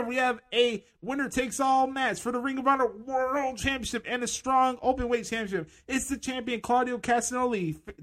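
A man doing a mock impression of a hyped-up male wrestling TV announcer who plugs upcoming matches in a booming promo delivery. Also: pushed and bright.

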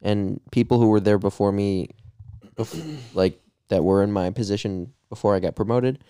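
A man's voice: on the low side, moderate pace, mellow, smooth, dry recording, studio quality. A young man co-hosting a podcast, rambling casually with lots of fillers and frequent laughs. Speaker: podcast co-host. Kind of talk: casual chat.

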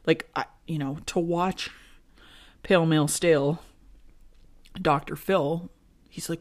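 A woman's voice: low voice, steady tone, takes it slowly, long pauses, darkish tone. A woman hosting a podcast, chatting casually and telling gossipy stories about the week's headlines. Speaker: podcast host. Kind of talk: casual chat.

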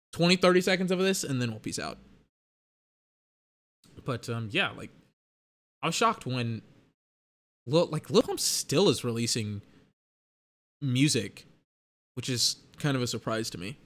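A man's voice: on the high side, animated, unhurried, pauses often, pushed and bright. A young man casually reacting to rap songs, rambling and chatty, with music playing behind him. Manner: chatty, rambling, mocking impressions.

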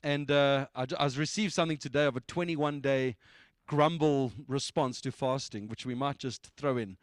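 A man's voice: medium pitch, fairly even intonation, normal speed, no room sound, studio quality. A man leading a church meeting, giving announcements and exhortation in a casual, emphatic, repetitive preaching manner. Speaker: church leader.

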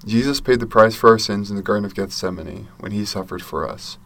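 Earnest man giving a low-pitched devotional talk. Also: brisk, vocal fry, fairly bright tone. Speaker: church speaker. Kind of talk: devotional talk reading scripture.

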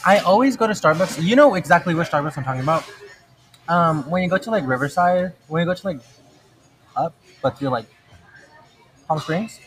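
Lively rambling young-sounding man. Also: a little high, brisk, long pauses, a little hiss or hum. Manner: rambling, easily sidetracked, laughs often. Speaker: podcast co-host. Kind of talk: casual chat.

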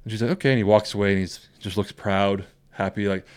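A young man with a fairly low voice chats casually as a podcast co-host. He tells long, rambling stories and laughs easily along the way. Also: steady tone, fast talker, darkish tone, smooth. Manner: rambling storyteller, laughs often. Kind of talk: casual chat.

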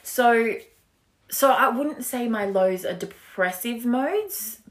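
Woman, young adult, podcast co-host, relaxed chatty talk, frequent laughter. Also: on the high side, takes it slowly. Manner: chatty, laughs often, swears casually. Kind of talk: casual chat.

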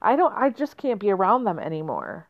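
A woman's voice: mid-range voice, wildly swooping pitch, a little fast. A woman voicing a bitter young man traveling to a new town, complaining about the people he left behind. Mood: exasperated. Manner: complaining, exasperated. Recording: slightly muffled lo-fi.

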